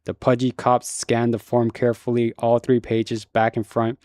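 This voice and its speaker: A man reading a novel aloud in a casual, relaxed way, with occasional slips and restarts. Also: mid-range voice, moderate pace, no room sound. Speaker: audiobook reader.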